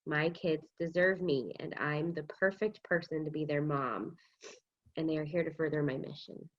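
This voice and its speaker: A woman's voice: low voice, steady tone, normal speed, highs cut off. A woman in a coaching group reading her own affirmations aloud over a video call. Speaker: participant in a coaching session.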